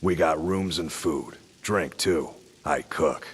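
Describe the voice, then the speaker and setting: A man's voice: very deep voice, slow pace, husky, full character voice. A man voicing a terse male tavern cook in a fantasy video game, speaking bluntly in few words. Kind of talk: video game character dialogue.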